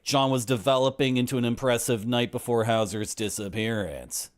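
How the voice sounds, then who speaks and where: A man's voice: mid-range voice, animated, normal speed, few pauses. Wry man streaming a game. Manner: wry, griping asides, sarcastic. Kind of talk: reading game text aloud with commentary.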